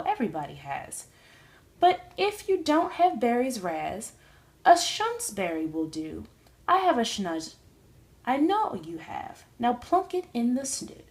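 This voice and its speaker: A woman's voice: a little high, rough recording. A woman voicing a smug, rambling male glunk creature in a read-aloud storybook. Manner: gabbing, rambling, sweetly pushy.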